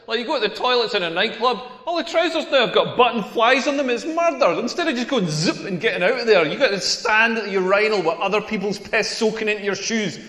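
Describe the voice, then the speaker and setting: A high-voiced Scottish man working through a rambling stand-up set. His brash ranting rings out across an echoey club room with a long hall tail. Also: animated, fast, hardly any pauses, pushed and bright. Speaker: stand-up comedian. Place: comedy club stage.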